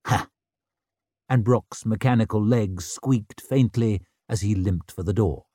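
A man narrating an audiobook in an expressive, wry storytelling manner. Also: on the low side, unhurried, no echo, studio quality. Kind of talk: scripted narration.

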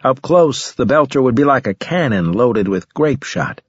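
Husky man narrating a story. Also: medium pitch, animated, moderate pace, no room sound, lo-fi sound. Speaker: audiobook narrator. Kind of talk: first-person scripted narration.

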